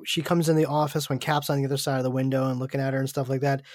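A married man co-hosting a podcast, telling stories in animated casual chat and quoting others. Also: medium pitch, rapid-fire, dry recording, studio quality. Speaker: podcast co-host.

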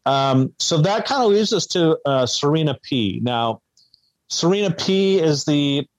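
A man's voice: on the high side, animated, measured pace, dry recording, rough recording. A man co-hosting a podcast, recapping in casual chat with many ums and uhs. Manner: hesitant, filler-heavy recapping. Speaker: podcast co-host.

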